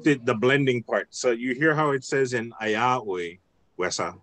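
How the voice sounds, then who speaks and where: A man's voice: medium pitch, expressive, moderate pace, a bit bright, no echo. A man teaching an online language class over a video call, patient and thinking aloud with many restarts.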